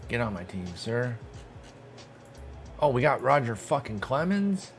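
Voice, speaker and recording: A man's voice: medium pitch, very animated, unhurried, faint music behind. A young man giving casual gameplay commentary, talking to himself and the game with exasperated, profane bursts of mock outrage. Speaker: gaming streamer.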